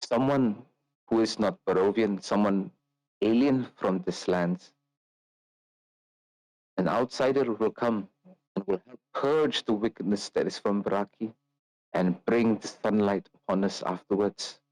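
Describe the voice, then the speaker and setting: A man's voice: lowish voice, measured pace, long pauses, darkish tone, no echo, poor audio. A man voicing an ailing old noblewoman, speaking formally and earnestly in a tabletop role-play.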